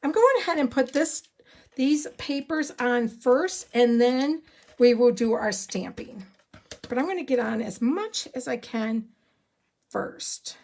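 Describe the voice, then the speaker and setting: A woman giving a live card-making tutorial, chatty and excitable, rambling a little as she works. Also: a little high, a little slow.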